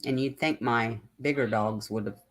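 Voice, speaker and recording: A host chatting casually on a livestream, drifting from one aside to the next. The talk is loose and rambling, full of ums and self-corrections, with a medium pitch that sits in the middle of the range. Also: steady tone, normal speed, a bit bright. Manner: rambling, chatty, many fillers. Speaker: channel host.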